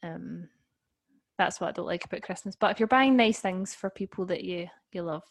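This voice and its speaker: A woman's voice: fairly low pitch, normal speed. A young woman co-hosting a podcast over a video call, teasing and laughing often. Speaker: podcast co-host. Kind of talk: casual chat.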